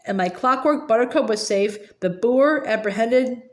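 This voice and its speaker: A woman reads a novel aloud in a fairly high voice, tripping over words and doubling back as she goes. The delivery is plain and unpolished. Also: lively intonation, normal speed, darkish tone. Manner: stumbling, repeats words. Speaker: reader.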